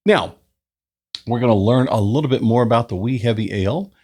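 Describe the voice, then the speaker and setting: A man hosting a casual beer review, chatting at home into a new microphone. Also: brisk. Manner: chatty, relaxed, lively pitch. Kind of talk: casual review with read-out history segment. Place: indoors at home, summer. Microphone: new desk microphone.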